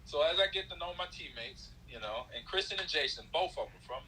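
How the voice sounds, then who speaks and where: Bright, animated storytelling man. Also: fairly high pitch, fairly quick, a little hiss or hum, low-quality recording. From Los Angeles. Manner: acts out quotes of others, laughs often. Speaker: guest, former football player.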